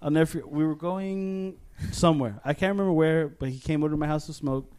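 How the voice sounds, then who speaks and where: A man's voice: on the high side, fast talker, darkish tone, clear, resonant tone. A man hosting a casual podcast, telling stories between laughs and swearing freely. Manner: laughing storyteller, heavy swearing. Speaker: podcast host. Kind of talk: casual chat.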